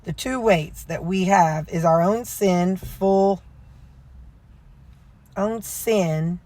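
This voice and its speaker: A woman's voice: fairly low pitch, extremely slow, dark tone. A woman vlogger in a car, casually retelling a sermon in a rambling way, full of fillers and self-corrections. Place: inside a car.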